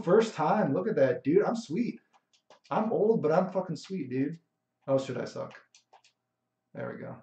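A man's voice: on the high side, dark tone. Brash, profane male game streamer. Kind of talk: live game stream commentary. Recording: echoey room, dull lo-fi mic.

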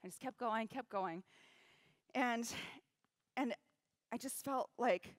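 A woman giving a keynote talk on stage, telling a story in an animated way, acting out quotes and laughing often. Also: on the high side, slow, no echo. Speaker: keynote speaker. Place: event stage.

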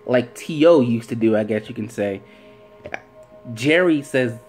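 A man's voice: medium pitch, unhurried, husky, faint music behind. A man giving an opinionated sports commentary rant, firing off rhetorical questions and repeating phrases for emphasis. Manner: animated, fires off rhetorical questions. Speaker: sports vlogger.

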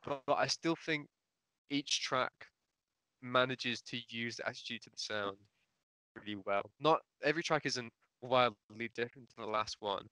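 Thoughtful man with a bright, smooth voice. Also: mid-range voice, normal speed, no echo, low-quality recording. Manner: hesitant, restarts and fillers, thoughtful. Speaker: podcast co-host. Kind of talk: casual music discussion. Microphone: video call mic.

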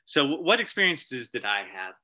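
A man giving a casual storytelling slide talk to an astronomy club, chatty and animated, with many fillers and restarts. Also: mid-range voice, moderate pace. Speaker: guest presenter at an astronomy club meeting.

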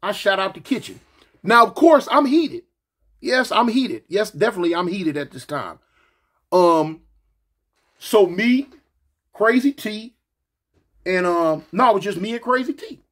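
A man telling a story from his past casually, slangy and animated, acting out the other voices. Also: high voice, unhurried, pauses often.

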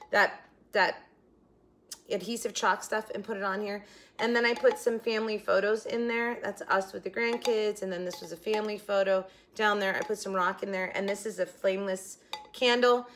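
An older woman talking through a crafting tutorial in a middle-pitched voice. She is chatty and tender, holding back tears as she goes. Her voice often drops into quiet, trailing asides. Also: a little hiss or hum. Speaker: craft vlogger.

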